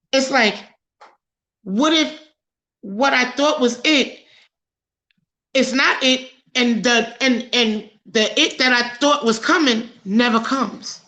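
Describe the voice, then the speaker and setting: Slow, high-voiced woman talk-show host. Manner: animated, preachy, laughs a lot. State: overheated and sweating. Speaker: podcast host. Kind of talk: casual talk-show discussion. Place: studio under hot lights.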